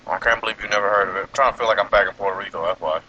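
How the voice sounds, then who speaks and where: A man's voice: fairly low pitch, very fast, slightly rough, lo-fi sound. A man hosting a podcast in casual chat, telling stories with lots of laughs while eating. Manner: animated storytelling, laughs a lot. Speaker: podcast host.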